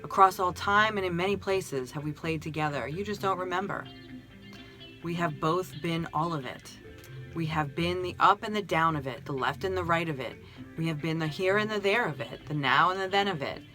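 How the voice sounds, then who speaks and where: A woman voicing a kind, gentle friendly soul who speaks with calm, tender reassurance in a storybook reading. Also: on the low side, moderate pace, soft background music.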